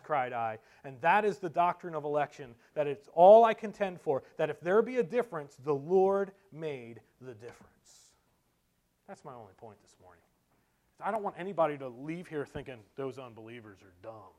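A man preaching a sermon, moving between loud emphatic delivery and quiet, low asides. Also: animated, normal speed. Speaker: pastor.

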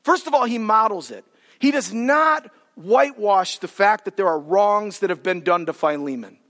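A male pastor preaching a sermon in a church hall, animated and colloquial as he explains Scripture. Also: sits high, moderate pace. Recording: hall with long reverb.

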